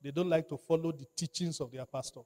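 With a fast, mellow voice on the high side and fairly even intonation, a pastor preaches emphatically. He repeats key phrases and calls for responses from his congregation.

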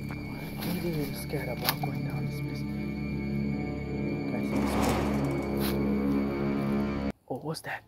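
A man's voice: mid-range voice, steady tone, measured pace, pauses often. A man walking through a forest outdoors, filming a vlog and talking to his viewers, often calling them "guys" and repeating himself. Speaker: vlogger. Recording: clear music under the voice.

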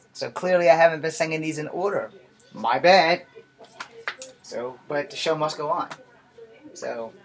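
A woman's voice: low voice, rough recording. A woman talking casually between her own songs, emotional, self-deprecating and rambling with many fillers. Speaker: amateur songwriter.

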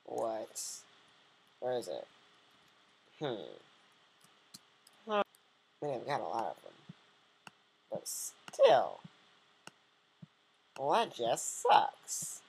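A woman with a very low, husky voice rambles and jokes through casual game commentary. Her pitch swings up and down in lively leaps as she banters with the characters on screen. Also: extremely slow, pauses often. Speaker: let's play gamer.

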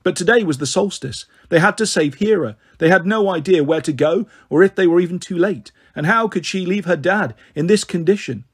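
A man reading a novel aloud in a steady storytelling voice, giving the characters their own voices. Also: sits high, fairly quick, hardly any pauses, slightly rough. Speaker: audiobook reader.

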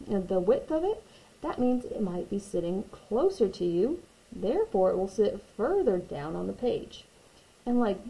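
A woman's voice: a little high, creaky, dark tone, rough recording. A woman teaching a watercolor painting tutorial, patient and reassuring, repeating her key points. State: hiccups. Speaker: art teacher.

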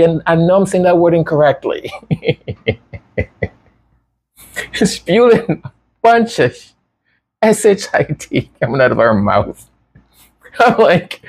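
A man's voice: fairly high pitch, big pitch swings, slow pace, long pauses, a little mellow. A man hosting a commentary show, talking casually with sarcasm and lots of repeated words. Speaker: royal commentary host.

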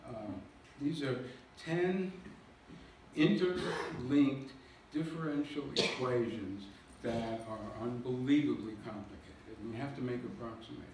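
Delivering a public lecture, a man at a measured pace and medium pitch explains his slides and cracks self-deprecating jokes. Heavy hall echo surrounds his voice, which sounds captured from a distance, and a faint hiss runs beneath it.

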